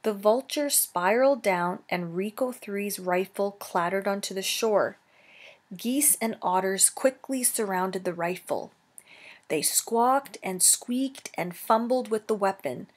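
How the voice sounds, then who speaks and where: A woman teacher reading a children's novel aloud, slow and careful, correcting herself now and then. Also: mid-range voice, breathy edge.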